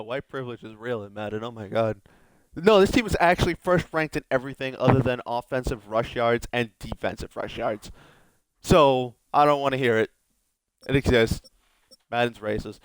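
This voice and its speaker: With no room sound, a young adult video host chats to himself in joking, rambling fashion while commenting casually on gameplay. He speaks in a mid-range voice at a normal speed.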